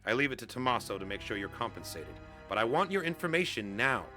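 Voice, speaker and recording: A man's voice: medium pitch, very animated, fast talker, pushed and bright, soft background music. A man voicing a haughty adult female crime queen who talks in a cold, imperious way.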